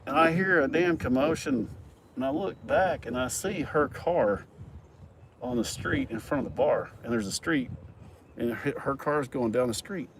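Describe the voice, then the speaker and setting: A man's voice: mid-range voice, expressive, normal speed. Rambling, chuckling middle-aged man outdoors. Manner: rambling, profane, chuckling yarn-spinner. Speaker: farm worker telling stories. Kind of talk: casual storytelling. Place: outdoors at a work site. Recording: outdoor recording with traffic noise. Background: vehicle and outdoor noise.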